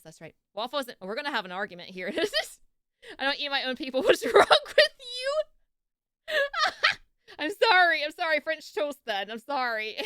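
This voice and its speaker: Bubbly young woman streamer, bright voice. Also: sits high, dry recording, clean studio sound. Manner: bubbly, giggly, greets chatters excitedly. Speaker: streamer reacting to videos. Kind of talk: casual live-stream chat.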